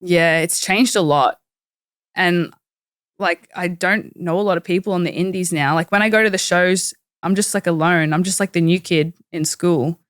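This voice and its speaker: A woman's voice: fairly low pitch, fairly even intonation, normal speed, no room sound, clean studio sound. A young woman with an Australian accent, chatting casually as an interview guest and dropping lots of "like" fillers. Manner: chatty, uses many "like" fillers. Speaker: professional wrestler, guest. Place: studio.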